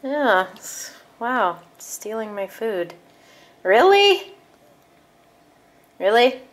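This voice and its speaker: A woman's voice: a little high, animated, unhurried. A young adult woman, a mother filming a casual home vlog, talking playfully in baby talk to her son and her cat. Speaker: vlogger and mother. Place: home, indoors.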